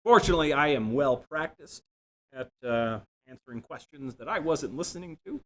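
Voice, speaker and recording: A man giving a software development talk, telling self-deprecating stories with jokes. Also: on the high side, animated, moderate pace. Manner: self-deprecating, jokey storytelling. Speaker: conference speaker. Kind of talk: tech talk with anecdotes. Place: room without a live audience.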